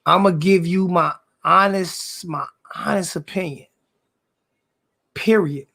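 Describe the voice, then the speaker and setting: A man's voice: high voice, slow, creaky, sharp tone. A man who is a sports YouTuber, ranting back at his live chat. He is confrontational, repeats himself, and swears in heavy slang. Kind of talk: live-stream rant to chat.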